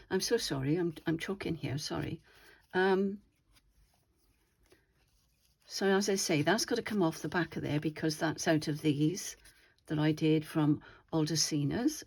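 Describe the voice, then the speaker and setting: A woman's voice: fairly low pitch, a little mellow. Chatty woman rambling through a stitching demo. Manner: chatty, rambling, thinks aloud while handling materials. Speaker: craft channel host. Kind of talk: casual slow-stitching tutorial.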